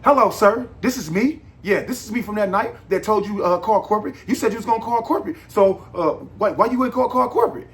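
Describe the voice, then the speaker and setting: A man voicing a brusque, defiant female restaurant manager in a loud, mocking, high-pitched tone. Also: fast talker, hardly any pauses.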